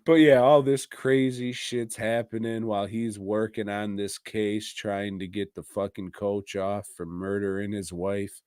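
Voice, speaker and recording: A man co-hosting a podcast, casually rambling through a movie plot with crude jokes, laughter and quick impressions of the characters. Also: on the low side, level tone, darkish tone, clean tone, dry recording, clean studio sound. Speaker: podcast co-host. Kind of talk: casual movie review chat.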